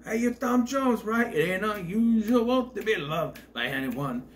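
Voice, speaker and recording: Man impersonating a loud, nasal gambler type; high, slow, brash. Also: expressive, a little hiss or hum.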